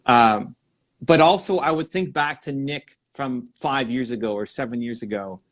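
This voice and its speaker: A man hosting a live stream, giving energetic advice and thinking out loud in quick bursts. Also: medium pitch. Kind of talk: excited live-stream coaching chat.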